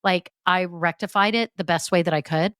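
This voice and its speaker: A woman talks straight into a close podcast mic, candid and chatty, tossing in tag questions as she goes. Her voice sits a little low, and the recording is dry with no room sound. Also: steady tone, normal speed, fairly bright tone, no echo. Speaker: podcast host. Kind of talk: solo business podcast talk.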